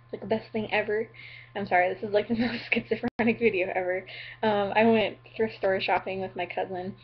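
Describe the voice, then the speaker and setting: A woman's voice: medium pitch, steady tone, fairly quick, husky, muffled recording. A young woman from the Upper Midwest chatting in a goofy, apologetic, rambling way on her vlog, full of ums and likes. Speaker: vlogger.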